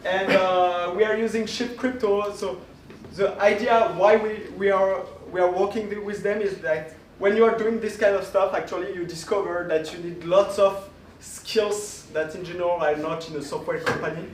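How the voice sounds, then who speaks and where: A man presents at a conference with a fairly high voice. He talks in a halting way, with many fillers and restarts. The sound is roomy and distant, with faint room noise behind him. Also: steady tone. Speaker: conference speaker. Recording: echoey room, voice from far off.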